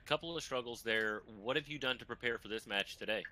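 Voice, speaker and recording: A man's voice: medium pitch, quick pace, pushed and bright. A man commentating a live speedrun race, upbeat and hyping up the viewers. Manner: upbeat, hype-building, talks to chat and runner.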